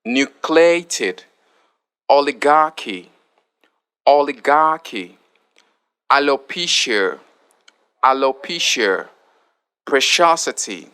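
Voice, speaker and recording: A man tutoring pronunciation, reading a spelling word list aloud and saying each word twice in a deliberate way. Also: medium pitch, sharp tone.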